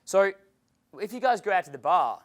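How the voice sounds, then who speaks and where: Australian male coach, high voice, animated, profane seminar delivery, acts out dialogue. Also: moderate pace. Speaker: dating coach giving a seminar. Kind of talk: live seminar talk. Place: seminar room with an audience.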